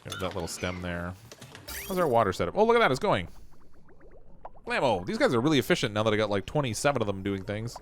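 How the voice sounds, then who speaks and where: A man's voice: fairly low pitch, very animated, racing, slight background noise. A Canadian man streaming a game, thinking aloud and poking fun at his own messy builds. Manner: self-mocking, thinks aloud while building. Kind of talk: casual livestream commentary.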